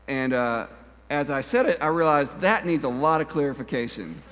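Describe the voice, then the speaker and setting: Folksy pastor preaching in a reverberant church. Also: male voice, on the high side, moderate pace, fairly bright tone. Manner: folksy and self-deprecating, with stressed words. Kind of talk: conversational sermon. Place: church sanctuary. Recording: long church-hall reverb.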